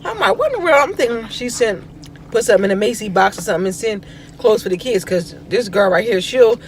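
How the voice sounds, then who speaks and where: Woman from florida, vlog host, chatty storytelling, expressive, in a car, faint background noise. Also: mid-range voice, brisk. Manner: chatty, expressive, voice rises for quoted reactions. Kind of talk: casual storytelling chat. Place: inside a car.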